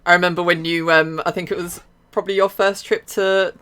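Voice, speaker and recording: A woman's voice: lowish voice, level tone, a little fast, fairly bright tone, clear, resonant tone. A woman from England with an English accent, chatting casually and laughing often on a livestream. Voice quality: giggly, chatty.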